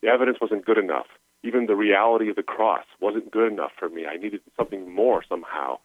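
A middle-aged man, appearing as a guest, tells his personal story in an earnest, emotional testimony over a tinny phone line. His voice is on the low side and fast, with no echo.

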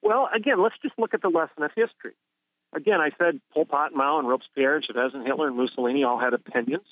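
A man speaks down a thin, tinny phone line, his voice sitting slightly high. He argues emphatically and in a preacherly way, stacking phrase upon phrase. The sound is dry, with no room around it. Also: fast talker, no room sound. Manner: emphatic, preacherly, builds points through repetition. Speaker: university president, guest. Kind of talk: phone-in radio interview. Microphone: telephone.

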